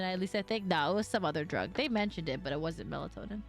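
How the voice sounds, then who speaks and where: A woman's voice: fairly low pitch, fairly quick, vocal fry, faint music behind. A woman streaming a game live, chatting casually, joking with her chat and laughing often. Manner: playful, laughs often, teasing banter with chat.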